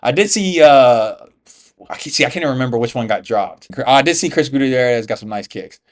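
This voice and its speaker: A man's voice: mid-range voice, expressive, fairly quick. A man from the US, an MMA YouTuber, giving casual fight reaction commentary in slangy, profane talk, calling everyone "bro.".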